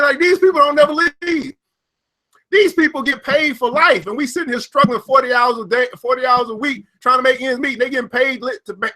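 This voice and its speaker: A young man, hosting casual news and market commentary, reading headlines and riffing with frequent laughter. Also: very high voice. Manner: animated, laughs often, reads headlines then riffs. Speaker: financial commentary host.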